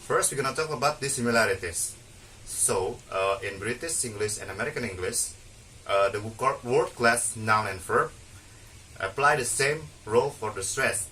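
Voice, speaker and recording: A man's voice: medium pitch, normal speed, bright, forceful tone, far from the mic, slight background noise, rough recording. A young man student explaining a pronunciation topic for a class, hesitant and restarting now and then. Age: young adult. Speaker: student presenter. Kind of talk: explaining from notes in a class presentation.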